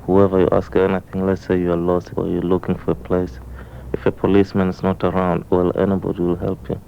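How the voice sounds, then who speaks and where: A man's voice: sits low, completely flat delivery, brisk, gravelly, slight background noise. A man from Kenya chatting in an easygoing way, on a muffled 1970s radio recording. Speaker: interviewee. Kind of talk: casual chat.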